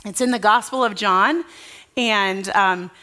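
Bright-voiced woman pastor preaching. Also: mid-range voice, slow. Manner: earnest, casual, asks the congregation questions. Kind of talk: conversational sermon. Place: church service.

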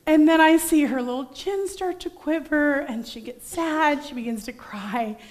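High-voiced woman preaching a story-driven sermon. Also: unhurried. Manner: storytelling, animated, acts out voices in quotes. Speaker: pastor.

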